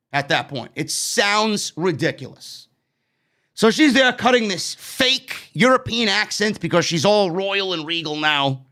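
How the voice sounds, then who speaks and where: A New Yorker reviews a wrestling show in a high, bright, forceful voice. He's casual and blunt, swearing freely and sounding exasperated by what he doesn't like.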